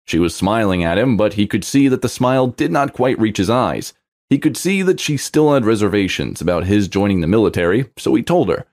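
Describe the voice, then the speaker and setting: Low-voiced man narrating a romance. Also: animated, fairly quick, darkish tone. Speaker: story narrator. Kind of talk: scripted narration.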